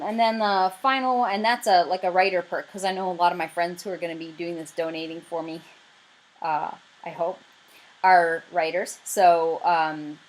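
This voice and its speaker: The recording is low quality, and the woman's voice sits fairly low. A writer with a Canadian accent, she casually addresses the camera about her writing crowdfunding campaign, chattering and meandering with many fillers.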